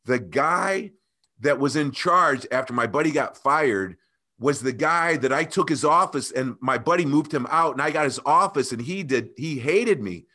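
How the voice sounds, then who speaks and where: A man guest telling an emotional personal story, earnest and animated, often calling the host by name. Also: mid-range voice, normal speed. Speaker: podcast guest.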